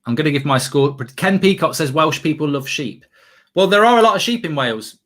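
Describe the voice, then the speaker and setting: Animated chatty man hosting a watchalong. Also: on the high side, fairly quick. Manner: chatty, rambling, jokey, reads out live chat. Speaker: host. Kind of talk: casual football watchalong chat.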